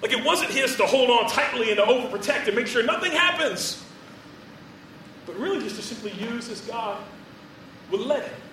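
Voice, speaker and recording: Man, very high bright voice, casual joking sermon, echoey room, distant mic. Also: animated, moderate pace, pauses often, slight background noise. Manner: chatty, joking, many fillers. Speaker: preacher.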